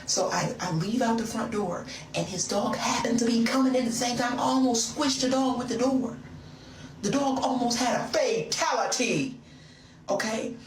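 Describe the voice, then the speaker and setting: A woman telling a personal story in a dramatic, animated way, acting out what people said. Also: normal speed. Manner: dramatic, acts out quotes in big high voices. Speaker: storyteller in a reacted clip. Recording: echoey room, mic at a distance, noisy.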